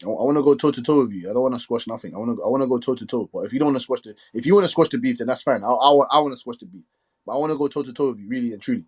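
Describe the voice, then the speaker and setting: A man hosting a casual live stream, talking quickly and filling his speech with "you get me". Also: medium pitch, breathy edge. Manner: fast, repetitive filler "you get me".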